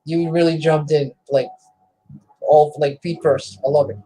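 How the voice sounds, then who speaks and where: A man talking as a podcast guest in casual conversation, animated and self-deprecating, often repeating himself. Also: a little high, a little slow, breathy edge, poor audio.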